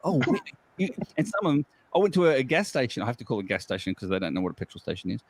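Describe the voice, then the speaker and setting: A man's voice: medium pitch, sing-song, rapid-fire. A man from Australia with an Australian accent, chatting as a guest in a casual online group chat, rambling and jokey with frequent laughs. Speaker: guest geocacher.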